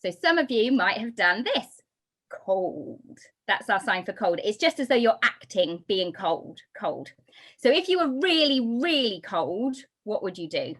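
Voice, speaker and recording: A woman from the United Kingdom giving a talk on baby sign language, explaining with lively, sing-song emphasis. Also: on the high side, moderate pace, hardly any pauses. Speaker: baby signing instructor. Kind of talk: talk to an audience.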